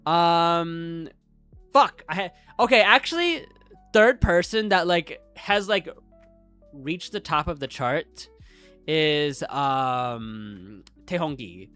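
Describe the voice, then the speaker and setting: Rambling, bright-voiced male streamer. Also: a little high, expressive, takes it slowly, smooth, faint music behind. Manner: rambling, heavy on fillers, self-interrupting. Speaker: live streamer. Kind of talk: casual stream chat.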